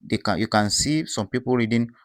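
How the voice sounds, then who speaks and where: A man teaching pronunciation, calmly explaining and posing rhetorical questions as he contrasts correct and incorrect forms. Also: medium pitch, brisk, no room sound, studio quality. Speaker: Quran recitation teacher. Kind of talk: explanatory lesson with recited examples.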